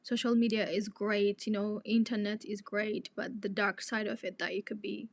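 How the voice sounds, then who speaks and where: A woman's voice: medium pitch, flat delivery, moderate pace, no room sound. A young woman, a native Tigrinya speaker, hosting a live chat and talking to her viewers in an outspoken, indignant way. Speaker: live stream host.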